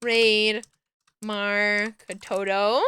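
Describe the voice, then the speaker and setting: A woman streamer chatting casually with her viewers, telling stories in a giggly, animated way. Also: mid-range voice, very slow, clear, resonant tone, dry recording.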